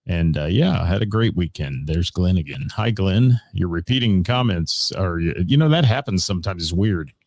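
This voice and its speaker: A man's voice: low voice, expressive, moderate pace, few pauses, darkish tone, no room sound. A middle-aged man hosting a live-streamed radio show, rambling casually with lots of fillers as he greets viewers by name. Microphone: studio mic.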